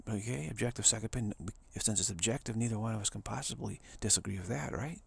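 Man, spiritual teacher, reflective talk, soft-spoken whispered asides, raspy voice. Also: on the low side, fast, hardly any pauses.

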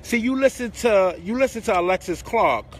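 A man's voice: high-pitched, expressive, moderate pace, soft background music. A man hosting a live stream outdoors on a city street, talking in a sassy, campy way and calling everyone honey. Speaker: livestream host. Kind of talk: casual livestream banter. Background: street traffic.

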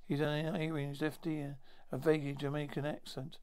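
A man retelling a science fiction episode aloud in a halting way, with many restarts and self-corrections. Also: fairly high pitch, flat delivery, gravelly, a little mellow, smooth. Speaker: storyteller.

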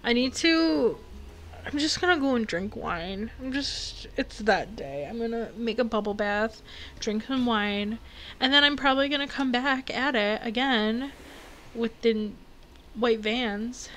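A young woman giving rambling, giggly, excitable casual commentary while she plays a video game, with faint game music behind her. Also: fairly high pitch, unhurried, slight background noise. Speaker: gaming video creator.

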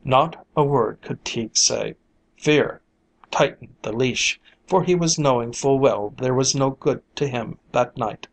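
Storyteller for a fairy-tale reading; slow, lilting, unhurried. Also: medium pitch, creaky, low-quality recording.

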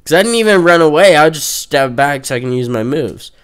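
A fairly quick, animated voice on the high side belongs to a young man doing goofy gameplay commentary. He mocks opponents, clowns around, and sings off-key, all in a clean tone.

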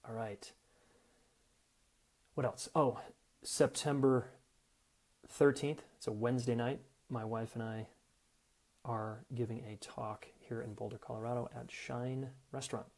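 A man's voice: medium pitch, steady tone, a little slow, pauses often, a little mellow. A middle-aged man hosting a relationship advice podcast, talking frankly and casually and acting out what partners might say to each other. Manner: frank and conversational, acts out quoted partners. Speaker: podcast host and relationship coach.

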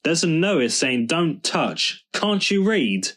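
Hombre haciendo de a kindly garage mechanic. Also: male voice, medium pitch, moderate pace, lightly acted. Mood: stern. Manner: warm and reassuring, stern when angry. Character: kindly middle-aged male mechanic, firm when crossed.

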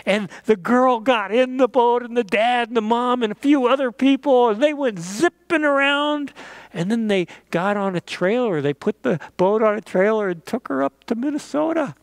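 A pastor telling a children's message story and ending in prayer, gentle and animated with playful sound effects. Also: male voice, very high-pitched, moderate pace, dry recording.

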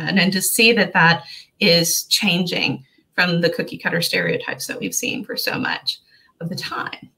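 A woman's voice: lowish voice, creaky, bright, forceful tone, rough recording. A woman host, chatting and telling a local history story, laughing often as she goes. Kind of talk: lively storytelling chat.

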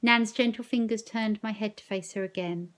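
A woman teacher reads a novel aloud in plain, steady narration. Her pitch sits in the middle. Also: moderate pace.

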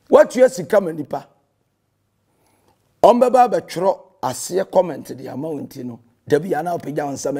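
A man's voice: a little high, creaky, mellow, slightly rough. A Ghanaian man, a pastor, delivering a heated and confrontational rebuttal that scolds a rival and mixes in English phrases.

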